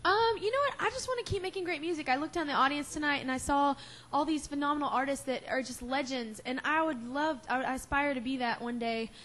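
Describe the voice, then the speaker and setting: Young woman, high bright voice, teary and giggly, rambling press answers. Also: quick pace. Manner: emotional, laughing and tearful, rambling with fillers. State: crying. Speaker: award-winning singer at press conference. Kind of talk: backstage press Q&A.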